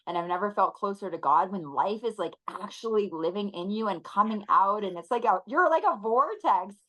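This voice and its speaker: A woman in her thirties, a guest on an interview podcast, talking earnestly and reflectively, with soft laughs now and then. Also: mid-range voice, animated, moderate pace, low-quality recording. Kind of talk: conversational interview.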